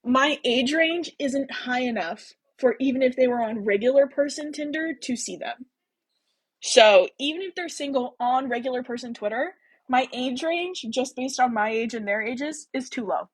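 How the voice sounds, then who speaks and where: Woman, livestream host, casual chat, husky voice, slightly high, rambling, giggly. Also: normal speed, low-quality recording. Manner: chatty, rambling, lots of "like" and "um"; giggly, self-deprecating.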